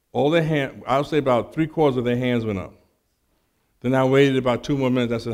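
At medium pitch and a brisk pace, a man preaches a sermon that includes a personal testimony. He is animated, acting out the dialogue and frequently stammering into restarts.

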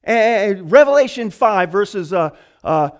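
A man preaching a sermon in an animated, conversational way, acting out quoted voices and pausing to restart his thoughts. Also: sits high.

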